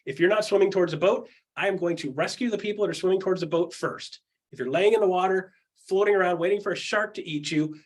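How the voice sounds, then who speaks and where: A man talks through coaching advice in a casual, punchy way. His voice sits somewhat high for a man and has a husky, breathy grain. He is emphatic and blunt, and he slips into quick put-on voices when he quotes people. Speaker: podcast host.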